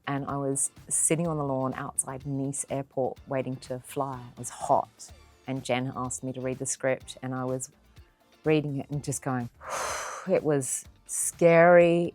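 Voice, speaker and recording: Deep-voiced Australian actress telling stories. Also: female voice. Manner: expressive storyteller who acts out quoted voices. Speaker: actor. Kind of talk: interview anecdotes.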